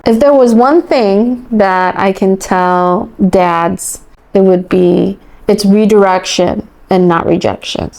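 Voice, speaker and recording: A woman's voice: mid-range voice, slow, vocal fry, darkish tone. A woman parent coach answering podcast interview questions in an emphatic, enthusiastic way, often acting out what parents and children say.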